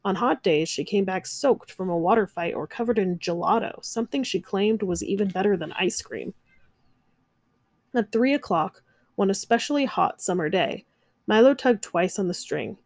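A woman reading a children's picture book aloud, gentle and expressive. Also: mid-range voice, normal speed, no room sound. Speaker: narrator. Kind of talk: children's storybook read-aloud.

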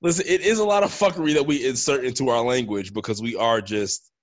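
A man's voice: medium pitch, fast. A man from New York with a New York accent, chatting casually with playful slang. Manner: laid-back, playful slang, repeats "listen". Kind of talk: casual chat.

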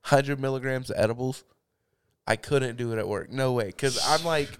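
A man co-hosting a casual podcast, loud and excitable, swearing a lot as he chats at home. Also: mid-range voice, normal speed, clear, resonant tone. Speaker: podcast co-host. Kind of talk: casual stoner chat. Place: home room.

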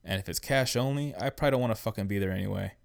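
A man's voice: on the low side, rapid-fire, gravelly, no echo, clean studio sound. Profane ranting man in his thirties. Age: 30s. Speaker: podcast host. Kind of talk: casual solo ranting podcast.

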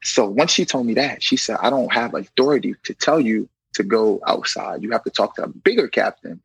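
Young man, gravelly, husky, casual storytelling, acts out quotes, conversational. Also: fairly low pitch, fairly quick, dry recording, low-quality recording. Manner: animated, acts out quoted dialogue; conversational, frequent "you know". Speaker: correctional officer.

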